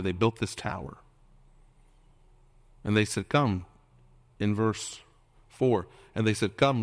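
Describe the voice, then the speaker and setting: A man with a lowish voice, recorded without room sound, preaches a sermon as a pastor. He quizzes the congregation constantly, sounds preachy, and slips into playful mimicry.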